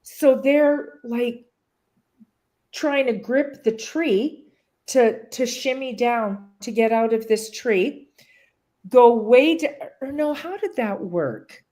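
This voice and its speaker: A woman's voice: on the high side, animated, slow pace, mellow. A middle-aged woman recounting a personal ordeal as an interview guest, rambling with many restarts and strong emotion.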